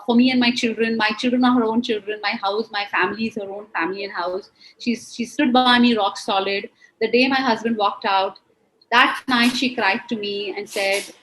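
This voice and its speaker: A woman's voice: on the high side, poor audio. A woman in her forties with an Indian English accent, speaking earnestly and emotionally as an interview guest, often saying "you know". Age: 40s. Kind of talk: heartfelt conversational interview.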